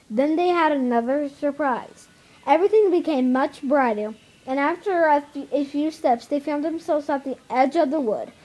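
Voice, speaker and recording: A woman reading a children's novel aloud, halting with many stumbles and restarts. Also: sits high, a little mellow, rough recording. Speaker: reader.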